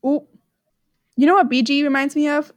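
A woman's voice: sits high, moderate pace, no room sound, studio quality. A young woman co-hosting a podcast in casual chat, rambling and giggly, with lots of "like". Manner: giggly, rambling, heavy use of "like". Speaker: podcast co-host.

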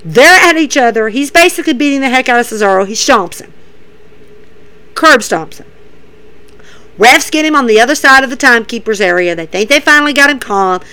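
Woman host with a raised-pitch voice, doing animated casual play-by-play recaps. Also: fairly quick, clear, resonant tone, low-quality recording. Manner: chatty, repeats herself, animated play-by-play. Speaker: podcast host.

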